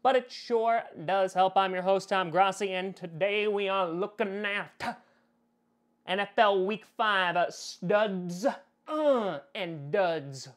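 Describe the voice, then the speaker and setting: A man's voice: high voice, takes it slowly, a bit bright. Joking young man hosting a sports vlog. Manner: joking, sarcastic asides. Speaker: host. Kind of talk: fantasy football commentary vlog.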